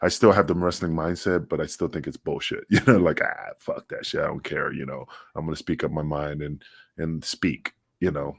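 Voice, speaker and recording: A middle-aged man with a very low, heavy voice talks bluntly in a casual podcast chat, swearing without a second thought and stumbling back over his own words. The sound is close and dry, with no room around it. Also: fairly even intonation, moderate pace, slightly rough, no echo. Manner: blunt, emphatic, swears freely, frequent restarts. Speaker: podcast co-host, former wrestler.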